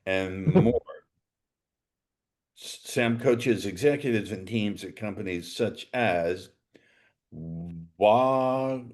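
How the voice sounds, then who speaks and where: A man's voice: fairly low pitch, slow, a little mellow. Playful man hosting a podcast. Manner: playful, jokey, theatrical emphasis. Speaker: podcast host. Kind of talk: lively podcast interview.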